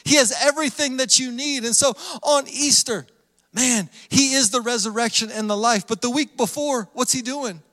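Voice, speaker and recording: A man's voice: very high voice, normal speed, a bit bright, long reverb tail. A man preaching a sermon as pastor, with an earnest, repetitive cadence.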